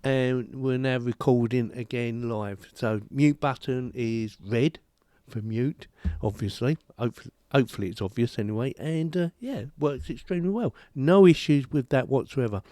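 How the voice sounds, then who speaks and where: In a casual product review filmed at home, a self-deprecating British man chats and rambles about a desk microphone mounted on a boom arm. The studio-quality recording carries his mellow, mid-range voice at normal speed without echo.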